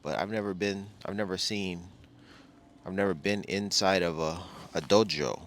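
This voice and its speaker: Middle-aged male vlogger from Los Angeles, very low voice, chatty and meandering, light noise behind. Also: steady tone, moderate pace. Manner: rambling, self-correcting, chatty. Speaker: travel vlogger. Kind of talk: casual rambling monologue.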